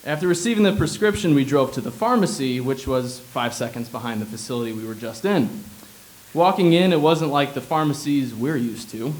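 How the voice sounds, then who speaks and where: A man's voice: medium pitch, lively intonation, fairly quick, low-quality recording. Wry young man reading his essay. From Illinois, USA. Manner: sardonic, wry. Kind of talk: humorous personal essay reading.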